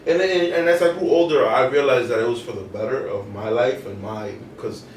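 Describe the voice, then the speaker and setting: A man's voice: medium pitch, fairly quick, far from the mic. A young man talks loosely in street slang, stumbling and restarting as he goes. He sits back from the mic in an echoey room, with a little hiss underneath. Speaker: podcast co-host. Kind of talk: casual chat. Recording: roomy, off-mic, faint noise.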